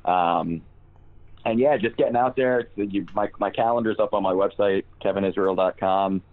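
A man's voice: on the low side, moderate pace. Man calling in on a muffled phone line. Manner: rambling, with many fillers and restarts. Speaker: comedian calling in as guest. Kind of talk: casual podcast interview. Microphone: phone call.

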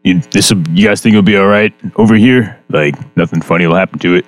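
A young man playing a tabletop game, relaxed and chatty as he describes his character's actions. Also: sits low, fast, soft background music. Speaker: player. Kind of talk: casual tabletop play.

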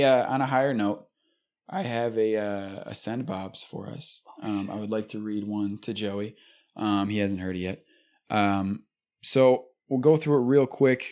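A young man hosting a podcast, chatting casually and rambling with many fillers and curse words. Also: on the low side. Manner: rambling, profane, frequent fillers. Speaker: podcast host. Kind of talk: casual chat.

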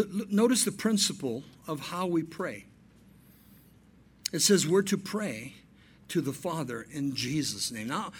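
Animated husky-voiced male pastor. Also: on the high side. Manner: animated preaching with storytelling and quoted dialogue. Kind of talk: sermon.

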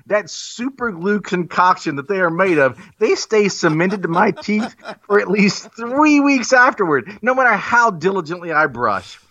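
A guest makes a comic pitch as a man delivering a playful, theatrical, mock-persuasive monologue that pokes fun at himself. His high voice is bright and forceful, and the recording is muffled and lo-fi.

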